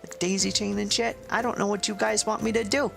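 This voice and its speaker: A woman's voice: mid-range voice, steady tone, brisk, creaky. A woman streamer giving casual, profane, sarcastic commentary while playing a game. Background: game music.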